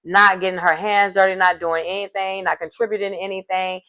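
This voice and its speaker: A woman talks through a reality show episode in a loose, casual way. She is chatty and opinionated, tossing in playful asides and quick verdicts about the players. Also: medium pitch, little pitch movement, bright, forceful tone. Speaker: reality TV recap vlogger.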